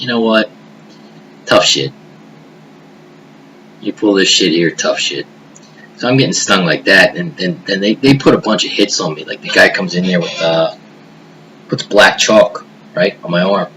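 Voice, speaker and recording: Low-voiced man rambling over hiss. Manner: rambling, profane, drops into hushed murmurs. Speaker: vlogger. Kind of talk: rambling personal monologue. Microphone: webcam. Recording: noisy hiss behind the voice.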